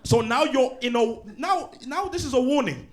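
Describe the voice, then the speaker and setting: A man's voice: very high-pitched, lively intonation, moderate pace, pitched above the performer's own voice. A man voicing a strict male schoolteacher scolding a class in a sarcastic, barking way. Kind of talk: stand-up character bit. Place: small comedy pub venue, live audience.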